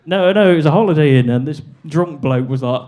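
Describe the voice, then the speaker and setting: A man's voice: fairly high pitch, a little fast, dark tone. A young man doing a stand-up comedy set, rambling and self-deprecating, on a club stage with a handheld mic.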